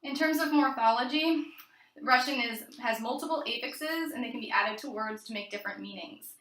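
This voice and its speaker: Woman, student presenter, bright voice, slightly high, reads from notes, roomy echo. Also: normal speed. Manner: reads from notes, occasional fillers and restarts. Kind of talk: read-aloud class presentation.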